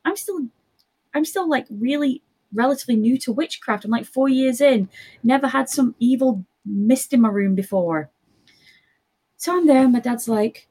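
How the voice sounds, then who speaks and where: A young woman telling a spooky personal story in casual chat, lively and quoting others. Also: fairly high pitch, normal speed, breathy edge. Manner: animated, quotes others in voices.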